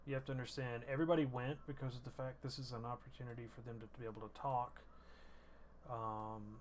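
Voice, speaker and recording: A man serving as game master, explaining the scene in a relaxed way. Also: mid-range voice, quick pace, slight background noise. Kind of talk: narrating a tabletop game.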